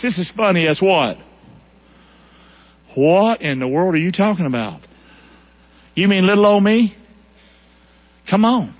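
A male pastor preaching a lively sermon in a church, colloquial and fiery, calling on the congregation to repeat after him. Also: high voice, measured pace, long pauses, highs cut off.

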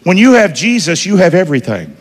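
A male pastor with a drawl, preaching in an animated, rising-and-falling voice that sits a little high for a man. He talks to the congregation conversationally and keeps firing questions at them. The sound carries a long church-hall reverb. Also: fairly quick, slightly rough. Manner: lively, conversational preaching with call-and-response questions. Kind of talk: sermon.

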